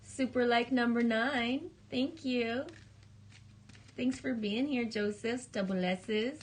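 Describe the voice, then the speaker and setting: Woman streamer, relaxed slow casual chat with frequent giggles, warm greetings to viewers. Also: fairly high pitch. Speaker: live streamer reading oracle cards.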